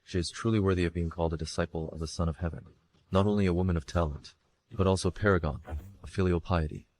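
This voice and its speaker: A solemn court official with a very low, deep voice. He speaks in an emphatic, judgmental way, in a dubbed period drama. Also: steady tone, fast, darkish tone. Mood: approving.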